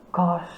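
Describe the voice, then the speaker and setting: A woman's voice: extremely high pitch, roomy sound, narrow, tinny audio. A woman, casually commenting on club photos as she reads out titles and names, amused and laughing often. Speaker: camera club presenter.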